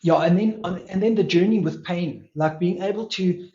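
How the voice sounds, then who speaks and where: A man telling a story as a podcast guest, lively, acting out his own inner dialogue. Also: high-pitched, normal speed. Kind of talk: storytelling in conversation. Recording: roomy, slightly dull recording.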